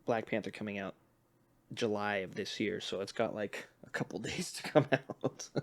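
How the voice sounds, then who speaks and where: A man's voice: fairly low pitch, moderate pace. A man co-hosting a podcast, chatting loosely with a lot of jokes and swearing. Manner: loose, joking, swears freely. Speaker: podcast co-host. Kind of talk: casual chat.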